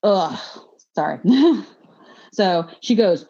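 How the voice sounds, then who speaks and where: This woman's fairly low-pitched voice moves at a moderate pace as she recounts an animated story on a casual podcast. She's blunt, curses freely, and laughs along; the sound is muffled and lo-fi.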